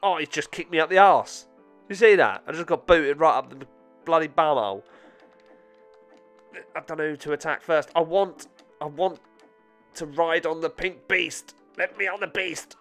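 A man giving excitable, self-mocking let's-play commentary with frequent swearing. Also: fairly high pitch, normal speed, pauses often, soft background music. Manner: excitable, swearing, laughing at himself. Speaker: gaming channel host.

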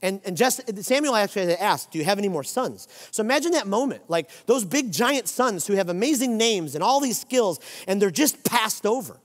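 A man's voice: high-pitched, expressive, moderate pace, few pauses. A pastor in his forties preaching a sermon, with emphatic, repeated declarations. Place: church sanctuary. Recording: long reverb of a church hall.

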